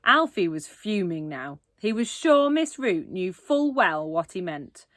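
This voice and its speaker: Expressive woman reading a children's book. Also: mid-range voice, measured pace, no echo. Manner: expressive, asides to listeners. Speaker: reader. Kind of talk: children's book read-aloud.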